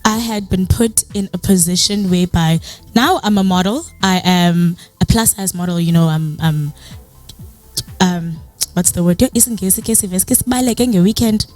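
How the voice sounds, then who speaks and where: A young South African woman gives a personal, motivational talk in a conversational, storytelling way. She leans on "you know" as she goes and slips into lively acted-out dialogue. Soft music plays faintly behind her. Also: fairly low pitch, moderate pace. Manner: chatty storytelling with many "you know" fillers; acts out quoted dialogue in a lively way. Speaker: guest speaker.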